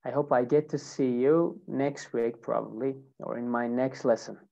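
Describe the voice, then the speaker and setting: A woman with a teaching pronunciation in a live online lesson, speaking slowly and repeating each example. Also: very deep voice, steady tone, gravelly, warm tone, muffled recording. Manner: slow, deliberate, repeats examples.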